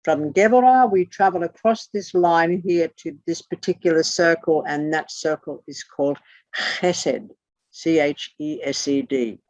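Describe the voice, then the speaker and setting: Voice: medium pitch, unhurried, a little mellow, no room sound. A teacher leading an online class over a video call, bluntly spelling out terms letter by letter, with the odd swear word.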